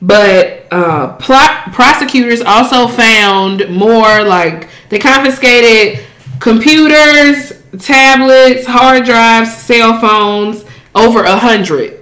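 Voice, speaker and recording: A woman co-hosting a podcast, talking in blunt, animated casual chat with plenty of cursing. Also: on the high side, slow. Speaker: podcast co-host. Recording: roomy echo.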